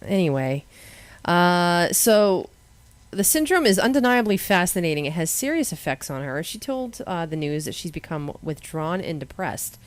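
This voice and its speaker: A woman's voice: on the low side, big pitch swings, normal speed. Boston woman reading odd news stories. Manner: sarcastic, laughing asides while reading stories. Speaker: radio show co-host. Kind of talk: casual news chat.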